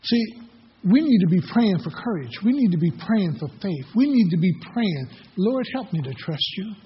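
High-voiced husky preacher man in echoey hall. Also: big pitch swings, normal speed. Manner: folksy storytelling preacher. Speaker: pastor. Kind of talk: sermon. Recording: echoey hall, dull lo-fi sound.

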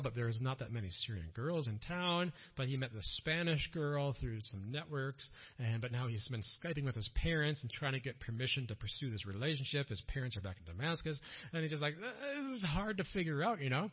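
Husky Minnesotan man telling a story. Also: medium pitch, fairly quick, dull audio. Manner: conversational, with frequent fillers and self-corrections. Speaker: missionary speaker. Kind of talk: storytelling presentation to an audience.

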